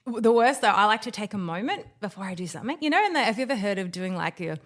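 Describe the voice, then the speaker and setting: Woman podcast host; animated, dramatic storyteller, casual and a little profane. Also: mid-range voice, rapid-fire. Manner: swears casually. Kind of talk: casual chat.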